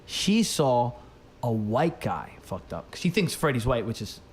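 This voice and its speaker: A man's voice: mid-range voice, sing-song, measured pace, slight background noise. A young man telling a story in casual chat, rambling, swearing, leaning on "like". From Dominican family, raised in the US. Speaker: podcast host.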